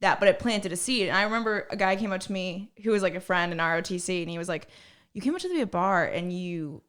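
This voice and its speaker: A woman's voice: lowish voice, lively intonation, fast talker, fairly bright tone. A young woman, a comedian guest on a podcast, telling blunt, profane stories in casual chat with lots of filler words.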